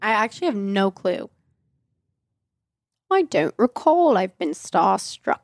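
A woman's voice: medium pitch, sing-song, slow, no echo. A young woman answers listener questions in a loose, rambling way, her voice stuffy and nasal from a cold. She talks frankly and drops casual swears. The sound is dry and close, with no room around it. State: sick, nasal. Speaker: podcast host. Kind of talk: casual Q&A chat.

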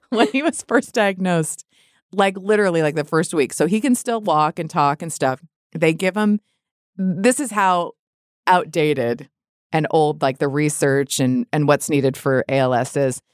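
A middle-aged woman tells personal stories in a loose, chatty way, laughing often and circling back mid-sentence. Her voice sits a little low. The recording is dry and close, with no room sound. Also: measured pace, no room sound. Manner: chatty, laughing, rambling with restarts. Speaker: guest. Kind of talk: candid conversational storytelling.

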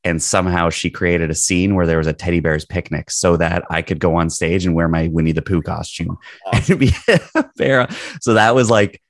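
A man around forty, a podcast guest telling stories from his childhood in an animated, rambling way. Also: low-pitched, normal speed, no room sound, clean studio sound. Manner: animated, rambling storyteller with fillers. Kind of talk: storytelling in casual conversation.

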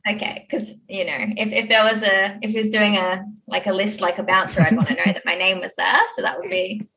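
A woman's voice: mid-range voice, level tone, fairly quick, sharp tone, a little hiss or hum. A woman with an Australian accent, a podcast guest in casual interview chat who laughs often between phrases.

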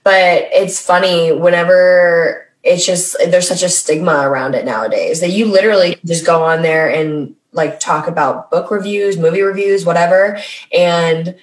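A woman chatting casually on a podcast, full of "like" and quick laughs. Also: lowish voice, reverberant, recorded from a distance, poor audio. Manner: chatty, many likes, laughs often. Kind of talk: casual chat.

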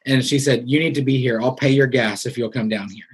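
This Southwest Missouri man is a podcast host on the interview side, chatting away and doing the voices of the people in his tale. He has a medium-pitched, slightly rough voice and talks a little fast.

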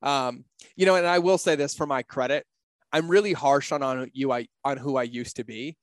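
A man talking casually on a podcast, blunt and animated, swearing freely and acting out his own quotes. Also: moderate pace, no echo. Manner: acts out his own quotes with big pitch jumps.

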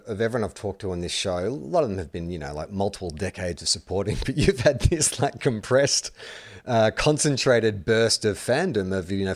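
A man hosting a podcast, asking long, winding questions in a relaxed way. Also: on the low side. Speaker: podcast host. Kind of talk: casual podcast interview.

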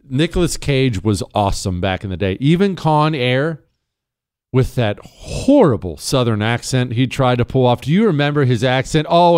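Male radio show host, smooth voice, close dry mic, blunt emphatic delivery. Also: fairly high pitch, expressive, moderate pace, a little mellow, dry recording. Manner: blunt, emphatic, repeats key points. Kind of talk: call-in advice talk show. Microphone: studio microphone.

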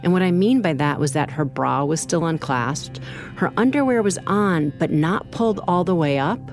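A woman with a notably low voice hosts a true crime podcast. She narrates in a measured, earnest way. There is soft music underneath. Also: expressive. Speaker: podcast co-host.

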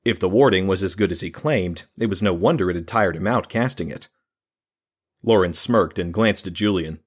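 Deep, husky male audiobook narrator. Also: normal speed. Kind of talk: scripted fantasy narration.

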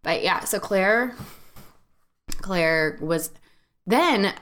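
A woman in her thirties, a podcast host, telling a long story in a chatty, animated way, full of "like" fillers. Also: medium pitch, drawn-out words. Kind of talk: casual storytelling chat.

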